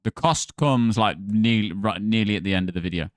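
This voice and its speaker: A man's voice: fairly low pitch, a little fast, no room sound, clean studio sound. A man hosting a gaming livestream, chatting casually and thanking viewers by name.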